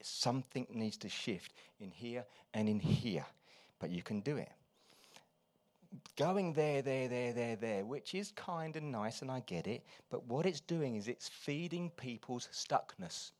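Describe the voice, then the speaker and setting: A man preaching a sermon, moving between quiet, confiding asides and loud, urgent exhortation. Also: medium pitch, expressive, a little slow. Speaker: pastor.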